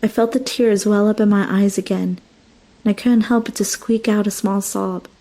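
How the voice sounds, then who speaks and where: A woman's voice: medium pitch, steady tone, normal speed, dark tone. A young woman narrating a first-person horror story with dramatic, emotional delivery.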